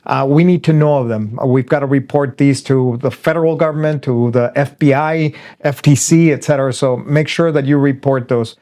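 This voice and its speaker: A man's voice: medium pitch, fairly even intonation, fairly quick, few pauses, warm tone. Encouraging male interviewer. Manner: encouraging, affirming, reads out help line details. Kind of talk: supportive interview.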